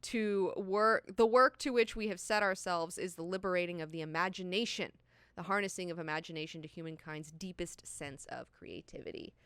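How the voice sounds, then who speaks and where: A woman hosting a book club, recapping chapters in a profane, animated way and paraphrasing characters in slang. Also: lowish voice, moderate pace, clear, resonant tone, no room sound, clean studio sound.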